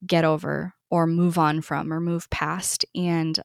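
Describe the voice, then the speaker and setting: A young adult woman speaking in a fairly low voice, earnest and candid as she tells her story to a podcast host. Her voice is measured and steady. The recording is close and dry, with no room sound. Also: vocal fry, no room sound. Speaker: podcast guest, bereaved mother. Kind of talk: personal story in a podcast interview.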